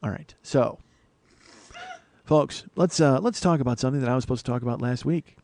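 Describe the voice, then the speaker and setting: A middle-aged man hosting a comedy podcast, rambling through a solo monologue with self-mocking asides and sudden bursts of loud mock-outrage. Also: medium pitch, brisk, vocal fry. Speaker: podcast host.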